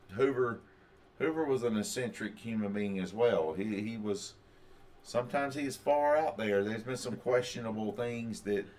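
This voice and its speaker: Podcast co-host, man, very low voice, halting delivery. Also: darkish tone. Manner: halting, many fillers and restarts. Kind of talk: casual chat.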